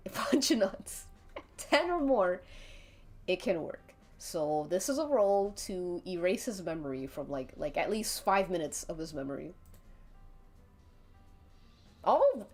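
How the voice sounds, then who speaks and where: A woman's voice: mid-range voice, darkish tone. A woman narrating a tabletop game as game master on a live stream, chatty and laughing often. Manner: giggly, chatty.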